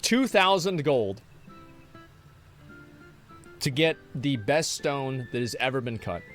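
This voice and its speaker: A man's voice: mid-range voice, very animated, slow pace, a bit bright, faint music behind. A man in his thirties streaming from home, chatting casually and reacting to chat in a brash, profane, rambling way.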